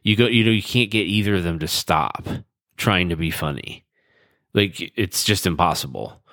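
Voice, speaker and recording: A man hosting a podcast, telling stories in a rambling, relaxed way. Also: low-pitched, moderate pace, vocal fry, dry recording, studio quality. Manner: rambling, relaxed storytelling with fillers. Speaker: podcast host. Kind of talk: casual chat.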